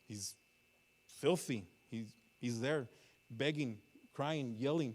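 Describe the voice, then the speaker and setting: A male preacher in a church, delivering a sermon in a mid-range voice. He tells the story dramatically, jumping between near-shouts and hushed, slowed passages. He keeps stopping to put questions to his listeners. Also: medium pitch. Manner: asks the congregation questions. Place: church sanctuary.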